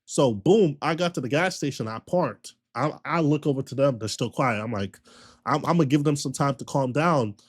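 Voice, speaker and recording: A man streamer telling a long story in a casual, slangy rant, full of repetition and animated retellings. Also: mid-range voice, normal speed, husky.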